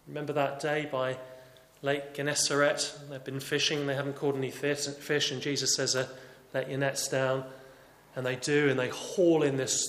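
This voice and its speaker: Earnest male preacher in an echoey hall. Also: mid-range voice. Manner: earnest, shifting between raised emphasis and quiet reflection. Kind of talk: sermon.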